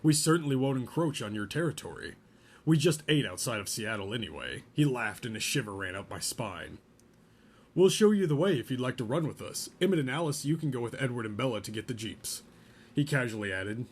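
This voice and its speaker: A man reading a novel chapter aloud in a relaxed way, stopping now and then to joke about the story. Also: medium pitch, a little fast. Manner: reads a novel aloud, breaks off for joking asides. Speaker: podcast host reading aloud. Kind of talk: casual read-aloud with asides.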